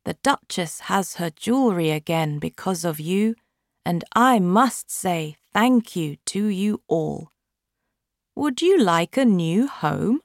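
A woman reading a kindly, generous duke from a storybook. He speaks slowly and courteously, his voice lifted a little, in an unhurried, friendly tone. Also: on the low side, animated, no echo, studio quality.

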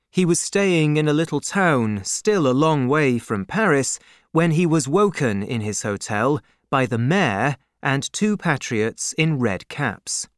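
A man narrates a classic story at an unhurried, careful pace. His intonation rises and falls expressively across each sentence. The recording is close and dry, with no room sound. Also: mid-range voice, no echo. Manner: slow, measured reading with lively intonation. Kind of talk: audiobook narration.

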